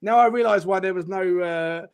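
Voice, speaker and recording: A man hosting a casual fan podcast, rattling off warm thank-yous to supporters. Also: high voice, clean tone. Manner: rapid, effusive shout-outs to supporters. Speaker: channel host.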